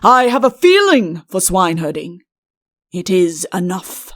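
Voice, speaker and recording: A woman voicing a self-pitying, deposed male king in an audiobook, speaking slowly and earnestly. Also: lowish voice, sing-song, a bit bright, dry recording, clean studio sound. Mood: earnest pleading. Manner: slow, earnest, imploring delivery. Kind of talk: audiobook character reading.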